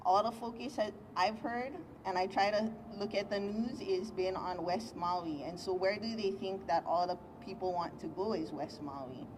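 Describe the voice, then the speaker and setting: A woman's voice: medium pitch, normal speed, hardly any pauses, noisy background. A woman, a county council member, speaking earnestly and frankly at a press conference. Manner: earnest, frank, a few restarts.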